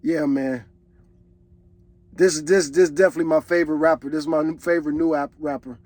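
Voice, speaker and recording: A man's voice: fairly high pitch, steady tone, brisk, a little mellow, no room sound. A man, reacting to a song in casual commentary, earnest and preachy. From Chicago. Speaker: reaction video host.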